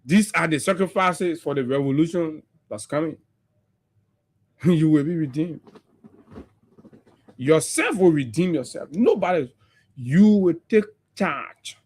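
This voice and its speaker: A Liberian man with a high-set voice hosts a radio talk show, delivering political commentary with passion. He mocks his targets and keeps throwing rhetorical questions at his listeners. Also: animated, measured pace, long pauses, a little mellow, husky. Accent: Liberian English. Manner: impassioned, mocking, fond of rhetorical questions.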